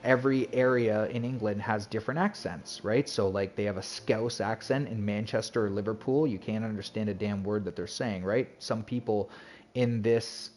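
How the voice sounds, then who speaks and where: A man's voice: lowish voice, fairly even intonation, normal speed, a little mellow. A man streaming and chatting casually to viewers, telling a rambling story with restarts and laughs. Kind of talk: casual chat.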